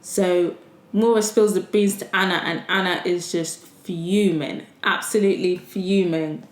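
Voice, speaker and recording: A woman hosting a podcast and recapping a reality show episode in casual, animated chat, swearing freely. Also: lowish voice, a little slow, reverberant. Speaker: podcast host. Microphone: desktop USB mic.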